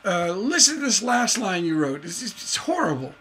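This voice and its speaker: A man's voice: high voice, very animated, moderate pace, bright, forceful tone, slight background noise, heavily acted. A man putting on a sneering inner critic. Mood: scornful. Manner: sneering, berating. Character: mean critical inner editor, a scornful man in black.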